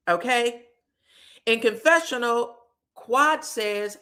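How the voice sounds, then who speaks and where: A woman's voice: on the high side, slow. A woman giving a casual gossip recap of a reality show, acting out the cast's lines with frank cursing. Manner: animated, acts out quotes, frank cursing.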